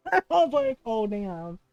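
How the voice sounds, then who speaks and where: A woman from a Filipino family streams a game while casually telling family stories, laughing a lot and acting out relatives' voices in an animated way. Her voice is a little high, with no echo, and the highs are cut off.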